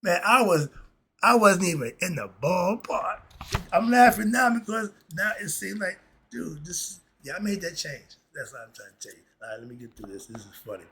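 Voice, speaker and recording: A man's voice: on the high side, big pitch swings, a little fast, pushed and bright, a little hiss or hum. A man casually reading a list of moral principles and commenting in a laid-back, chuckling way, with loose slang. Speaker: host.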